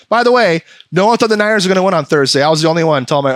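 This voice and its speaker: A man's voice: fairly high pitch, very fast, hardly any pauses, dry recording. A man hosting a podcast, ranting profanely in casual chat and slipping into mocking voices. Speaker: podcast host.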